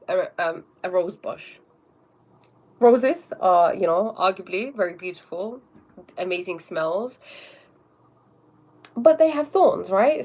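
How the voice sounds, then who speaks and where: A woman's voice: mid-range voice, a little mellow. A woman hosting a casual spiritual self-help livestream from her phone, thinking aloud with many fillers and restarts and chatting directly with viewers about their comments. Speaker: livestream host answering viewer questions.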